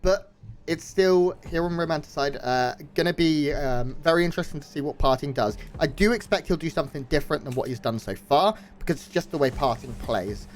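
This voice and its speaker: A man doing brisk, easygoing play-by-play commentary on a live esports match. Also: fairly high pitch.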